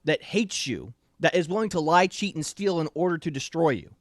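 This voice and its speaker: A man's voice: on the high side, lively intonation, brisk, no echo, clean studio sound. Emphatic talk-show host, man. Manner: emphatic, indignant. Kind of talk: opinion talk show commentary.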